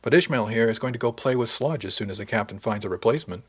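A man's voice: mid-range voice, quick pace, husky, natural voice. A man voicing a cheerful, eager young man working in a ship's galley.

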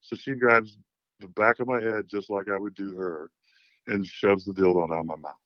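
A middle-aged man with a lowish voice talks frankly and profanely, often restarting his sentences. The sound is dry and a little lo-fi, like a caller's line. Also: steady tone, moderate pace, no room sound. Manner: blunt, profane, with many restarts. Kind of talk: frank storytelling interview.

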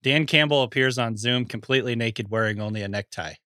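A man's voice: mid-range voice, brisk, pushed and bright, no echo, studio quality. A man co-hosting a podcast in casual chat, laughing easily and musing with hesitant restarts. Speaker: podcast co-host.

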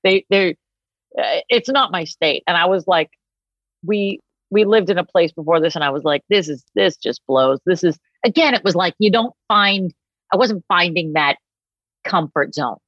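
A woman's voice: on the low side, moderate pace, no echo, dull audio. A middle-aged woman from the Boston area, telling stories in a casual podcast chat and acting out the voices in them. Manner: animated storytelling, acts out voices. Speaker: podcast guest, comedian.

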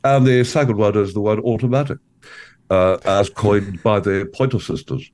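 A man playing a bumbling, earnest small-business entrepreneur in a comedy interview, speaking in halting stops and starts full of ums. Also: lowish voice, darkish tone, lightly acted. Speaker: interview guest.

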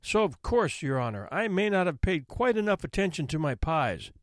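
A man's voice: a little high, very animated, normal speed, no room sound. A gossipy, flustered baker rambles through his excuses in a raised, bouncy voice, put on by a male narrator. The sound is close and dry. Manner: chatty, excusing himself.

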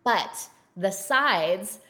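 A woman's voice: mid-range voice, expressive, very slow, pushed and bright. A woman in her thirties, an actress guest, telling a story in casual chat with casual swearing and laughter.

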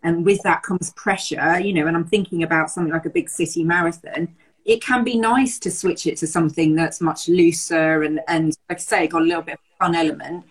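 A woman running coach in a casual talk, speaking in a reflective, measured way with gentle laughs. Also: fairly low pitch, fairly even intonation, slightly rough, poor audio. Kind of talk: casual chat.

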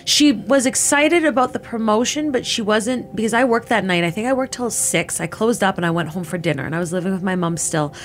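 A woman's voice: mid-range voice, expressive, a little fast, hardly any pauses, a little hiss or hum. Woman recounting a traumatic night. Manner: casual, filler-heavy, re-enacts what was said. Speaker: interviewee recounting her assault. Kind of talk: emotional personal testimony.

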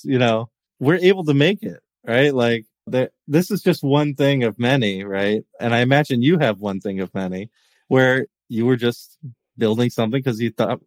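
A man's voice: medium pitch, dry recording. Laughing, rambling American man. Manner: laughs often, rambling with restarts. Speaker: podcast co-host. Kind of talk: casual tech chat.

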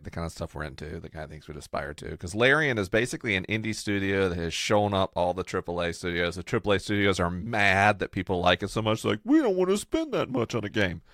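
A young man co-hosting a casual chat, joking with puns and telling animated stories. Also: low-pitched, dry recording, studio quality. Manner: playful, punning, animated storyteller. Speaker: co-host.

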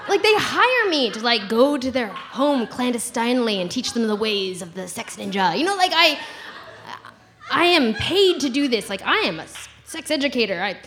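A woman's voice: fairly high pitch, moderate pace, slight background noise. A woman telling a comic personal story live, giggling and acting out the voices of others. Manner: animated, giggly, acts out quotes.

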